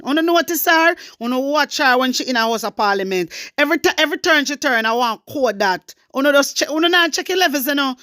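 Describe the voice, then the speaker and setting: A woman's voice: high-pitched, fast talker, few pauses, bright, forceful tone, no echo, studio quality. Fiery Jamaican woman ranting to viewers. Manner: fiery, preachy, repeats questions to viewers. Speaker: political commentary channel host. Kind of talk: casual political rant.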